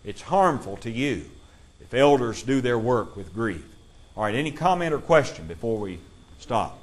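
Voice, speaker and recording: A man teaching a Bible class, reading scripture aloud slowly and putting questions to his listeners. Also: mid-range voice, lively intonation.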